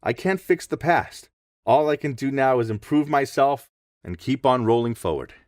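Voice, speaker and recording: Young guy telling a story, reflective, lively pitch, dry close sound. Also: normal speed, no echo. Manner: reflective, expressive first-person telling. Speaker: narrator. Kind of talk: story narration.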